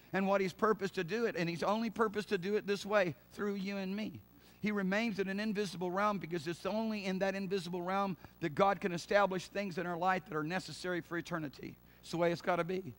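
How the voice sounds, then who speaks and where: A high-pitched male pastor delivers a sermon, going over his points repeatedly. He laughs and says hallelujah, building up to loud, fervent cries of prayer.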